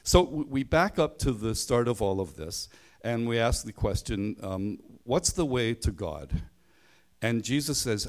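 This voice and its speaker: A man's voice: medium pitch, animated, a little slow, darkish tone. A man preaching a sermon in a conversational way, leaning hard on key phrases and stumbling over the odd restart.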